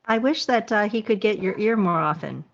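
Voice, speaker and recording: A woman's voice: medium pitch, normal speed, creaky. A woman hosting a podcast, asking a guest questions hesitantly, with many fillers and rephrasings. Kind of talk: podcast interview. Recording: dull lo-fi audio.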